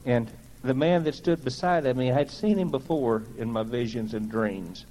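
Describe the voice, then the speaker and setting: A man's voice: mid-range voice, expressive, moderate pace, hardly any pauses, mellow, rough recording. A man giving a personal testimony to a gathering, telling it in a plain-spoken, folksy way with earnest conviction.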